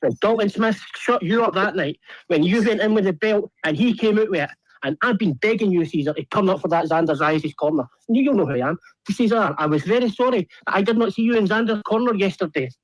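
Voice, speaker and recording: Teasing man with a high voice. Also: expressive, fast, dry recording, poor audio. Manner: teasing, mocking, persistent. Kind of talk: casual chat and argument.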